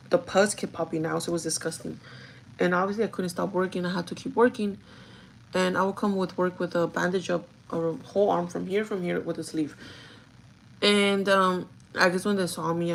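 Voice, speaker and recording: A young woman chats through a get-ready-with-me storytime, animated and unfiltered, with casual swearing. Her voice has a gravelly fry to it, and a faint hiss of background noise sits under the recording. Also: on the low side, poor audio. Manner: chatty, animated, swears freely, code-switches into Spanish quotes. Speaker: beauty vlogger. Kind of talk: casual storytime while doing makeup.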